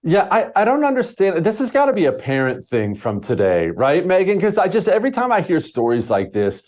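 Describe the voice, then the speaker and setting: A man's voice: sits high, huge pitch swings, fairly quick, darkish tone. A man appearing as a talk show guest, sardonic and opinionated, often stumbling over his starts. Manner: sardonic, stammering restarts. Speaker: guest radio host.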